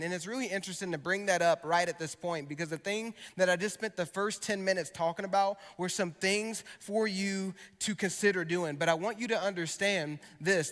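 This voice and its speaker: A man's voice: high voice, fairly bright tone. A young man, a youth pastor, preaching to students in a conversational way, with personal stories. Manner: conversational preaching with storytelling asides. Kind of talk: sermon to students. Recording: long hall reverb.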